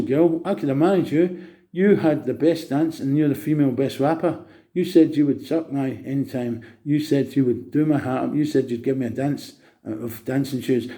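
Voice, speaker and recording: A man talking in a rambling monologue to camera, agitated and breaking into sudden loud outbursts. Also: medium pitch.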